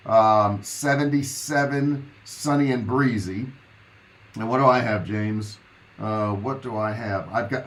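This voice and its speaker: A man hosting a casual live business Q&A from his home office, chatty and rambling, with a rough morning throat. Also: mid-range voice, rough recording. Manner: rambling, friendly, chatty with many fillers and asides to viewers. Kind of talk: casual livestream chat.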